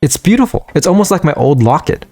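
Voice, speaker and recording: A man's voice: fairly high pitch, very animated, quick pace, darkish tone, dry recording, faint music behind. A man voicing a fragile young woman in a game, reading her lines in a raised, pleading tone. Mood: admiring.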